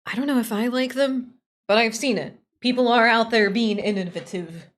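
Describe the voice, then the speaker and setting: Her voice sits fairly high and a little bright, moving at a moderate pace. She's live streaming and chatting casually, blunt, opinionated and heavily profane, playfully answering her chat as she talks.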